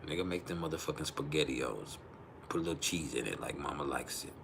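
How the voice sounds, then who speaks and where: A man's voice: very deep voice, a little fast, gravelly, noisy background. A man hosting a casual livestream from home, teasing his viewers with profane jokes and laughing often. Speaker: livestream host. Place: at home, refrigerator behind him.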